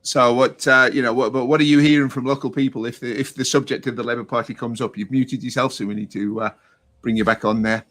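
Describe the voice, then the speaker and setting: A man hosting an online political chat show, speaking in a rambling, halting, sardonic way. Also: medium pitch, steady tone, a bit bright. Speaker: host.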